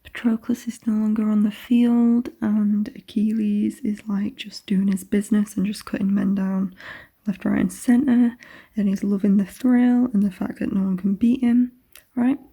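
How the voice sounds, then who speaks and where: A woman's voice: medium pitch, steady tone, moderate pace, mellow, husky. A young woman casually recapping a novel for her reading vlog, chatty and swearing freely, often dropping into a whisper. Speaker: book vlogger.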